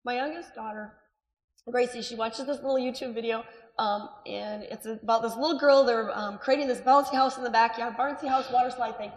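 Woman preacher, thirties, fairly high voice, chatty and animated, long hall reverb. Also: a little fast. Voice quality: voice strained. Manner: chatty and animated, frequent asides and laughter. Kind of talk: sermon. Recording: echoey hall.

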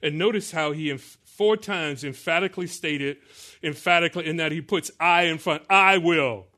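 A man preaching a sermon with a bright, forceful voice that sits a little higher than most men's. He calls on the congregation to answer him back and leans hard on each scripture line. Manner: call-and-response preaching, asks the congregation to answer; emphatic, slows to stress scripture lines. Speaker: pastor.

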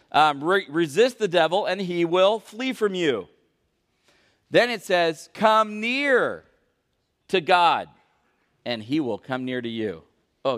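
A man preaching a sermon as pastor, questioning the congregation and swinging between loud emphasis and hushed intensity. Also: medium pitch. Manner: questions the congregation and calls for answers. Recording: long reverb of a large hall.

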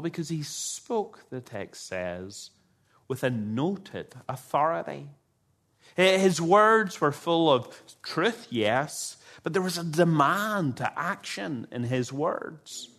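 A man's voice: on the high side, a bit bright. Earnest man preaching a sermon. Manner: earnest, emphatic preaching with restarts. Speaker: pastor.

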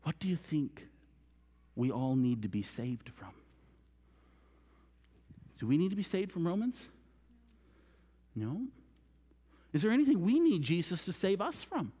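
A man giving a children's sermon in a church, swinging between hushed whispers and excited exclamations, with a reverberant hall sound. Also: on the high side, breathy edge. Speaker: children's minister.

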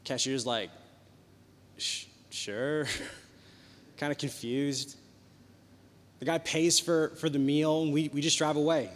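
A young man preaching a sermon, telling a personal story in a lively, conversational way. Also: fairly high pitch, measured pace, pauses often. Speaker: pastor. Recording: long hall reverb.

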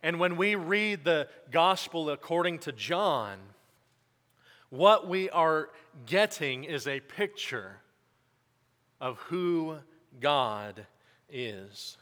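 A male pastor giving church announcements and then a sermon, halting with fillers at first and then preaching emphatically. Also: on the high side, animated, a bit bright. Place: church sanctuary. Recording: long church reverb.

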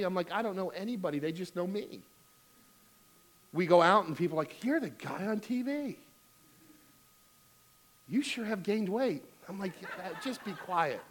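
A high-pitched middle-aged man preaching as a pastor shares an amusing family anecdote. He then turns to a forceful appeal for giving.

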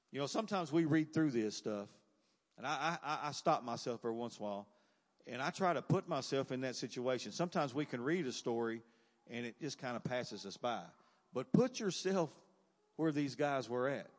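A man preaching a sermon, moving from quiet asides to loud, emphatic cries. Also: mid-range voice, expressive, a little fast, long reverb tail.

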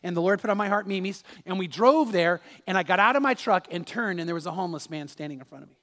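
High-voiced preacher in an echoey hall. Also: male voice, fast, fairly bright tone. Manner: storytelling preacher, with repeated words and restarts. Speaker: pastor. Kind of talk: sermon.

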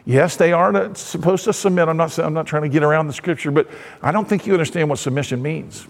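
A male pastor with a high voice, preaching in an animated, conversational manner and often checking that his listeners follow. His voice rings through a church sanctuary with a long, lingering reverb. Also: fast talker, gravelly. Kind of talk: sermon.

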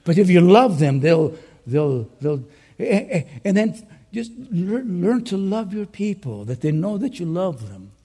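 A male pastor preaching a conference sermon to fellow pastors, swinging between loud urging and soft earnest asides, with joking conversational remarks. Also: high-pitched, sing-song, unhurried, slightly rough.

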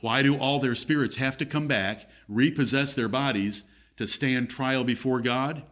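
A man's voice: mid-range voice, unhurried, fairly bright tone. A man preaching a sermon as pastor in a church, emphatic, his voice rising and falling.

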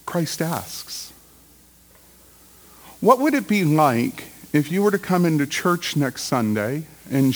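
A man preaching to his congregation, with a voice pitched a little above the usual. He talks in a relaxed, conversational way and drives his points home by repeating short phrases. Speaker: pastor. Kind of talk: sermon.

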